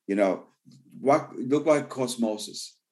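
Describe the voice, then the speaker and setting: A man, a pastor, teaching a sermon in a loose, conversational way, with many "you know" fillers, who slows down to read scripture verses. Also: medium pitch. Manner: reads scripture verses slowly and deliberately.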